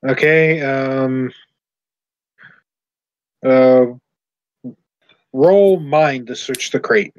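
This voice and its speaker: A man narrating a tabletop game as game master, in a halting way, searching for words mid-sentence. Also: mid-range voice, clear, resonant tone, muffled recording.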